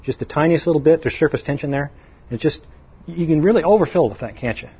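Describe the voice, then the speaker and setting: A man's voice: fairly high pitch, fast, slightly rough, dull audio. A middle-aged man giving a conversational sermon in a folksy way, asking the audience questions and lifting his voice to stress points. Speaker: preacher.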